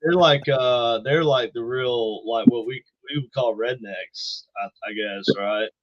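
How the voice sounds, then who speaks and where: A man's voice: medium pitch, a little slow, over a noisy crowd. A man from the United States hosting a podcast, laid-back, trailing off mid-sentence and calling people bro and dude. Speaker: podcast host. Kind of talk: casual podcast chat. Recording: slightly dull, dry sound.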